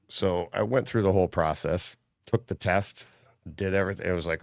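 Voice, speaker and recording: Low gravelly guy rambling through old family stories, dry close sound. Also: a little fast, darkish tone, dry recording. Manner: rambling anecdotes, laughs while telling. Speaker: podcast guest. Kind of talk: casual storytelling.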